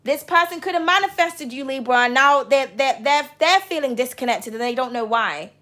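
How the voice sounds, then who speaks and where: A woman's voice: high voice, moderate pace, sharp tone. A woman giving a tarot reading to camera, talking passionately and bluntly, with frequent swearing. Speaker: tarot reader.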